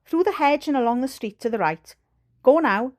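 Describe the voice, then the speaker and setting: A woman's voice: high-pitched, lively intonation, pitched above the performer's own voice. A woman with a Welsh accent voicing an embarrassed, impatient boy in an audiobook reading. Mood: flustered. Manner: hurried, impatient.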